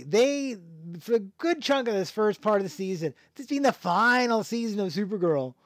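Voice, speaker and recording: A man's voice: high voice, no echo, clean studio sound. A man hosting a podcast, talking through a show review in a rambling way, with many restarts and frequent chuckles. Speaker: podcast host. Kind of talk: casual review chat.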